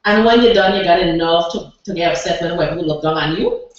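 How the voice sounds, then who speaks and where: A woman with a Virgin Islands accent performing her own spoken word poem, addressing the listener forcefully at a cafe open mic. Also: on the low side, fast, faint music behind. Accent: Virgin Islands Creole English. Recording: echoey room, distant lo-fi mic, noise.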